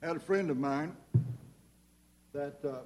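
Older preacher in a reverberant hall. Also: male voice, on the high side, slow pace, a little mellow. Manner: earnest, preacherly, rising into emphatic scripture reading. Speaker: pastor. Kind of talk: sermon.

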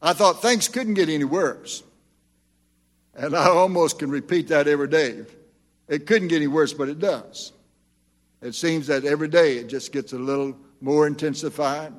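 A man's voice: fairly high pitch, moderate pace, big-room sound. An older man preaching a sermon as pastor, earnest and emphatic as he reads scripture.

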